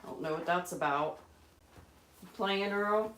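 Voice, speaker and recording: A woman hosting a live stream at home, chatting casually with viewers and coaxing her pet birds in a high sing-song voice. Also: a little slow, fairly bright tone. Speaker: livestream host with pet birds. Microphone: phone on a small tripod. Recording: echoey room, far from mic, noisy.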